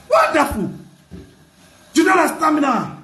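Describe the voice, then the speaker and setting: A Nigerian man with a loud, mocking manner, ranting in a gossip vlog with bursts of shouting and laughter. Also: very high-pitched, reverberant. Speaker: gossip vlogger.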